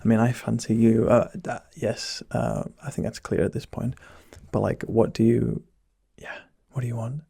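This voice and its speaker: The speaker, a young man, whispers through a teasing-doctor role-play in a low, husky, soft voice with gravel and a dark, mellow tone. His delivery is flat at normal speed with few pauses, recorded close and dry without echo.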